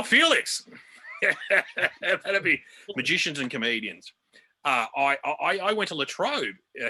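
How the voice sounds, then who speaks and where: This Australian comedian, medium-pitched and sharp-toned, does his set via video call from a room at home. He's conversational and pokes fun at himself, slipping in fast remarks to the people watching.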